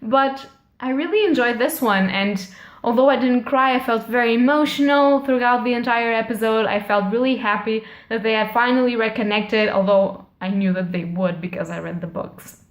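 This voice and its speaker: A woman's voice: fairly high pitch, fairly even intonation, normal speed. A woman giving a casual, chatty TV episode review, talking straight to her viewers and often restarting her sentences. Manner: chatty, often addresses viewers, self-corrects. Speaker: TV series reviewer. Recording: echoey room.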